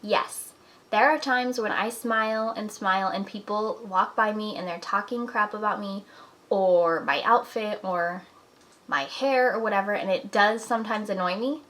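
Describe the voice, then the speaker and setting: A woman's voice: mid-range voice, moderate pace, fairly bright tone, poor audio. A young woman in her twenties talking earnestly to camera at home, giving encouraging life advice in a casual chatty way. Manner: earnest, encouraging, talks with "like" and "you know". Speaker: vlogger. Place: apartment at home.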